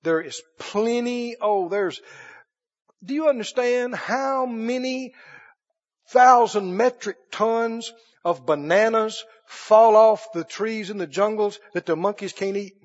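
A man preaching a sermon emphatically, repeating phrases and rising into shouts. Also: sits high, slow. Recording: dull lo-fi recording.

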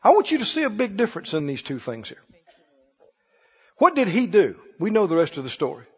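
A man's voice: sits high, wildly swooping pitch, fairly quick, a little mellow, husky, in a large hall, highs cut off. A man preaching a sermon, firing repeated questions at his congregation. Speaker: pastor.

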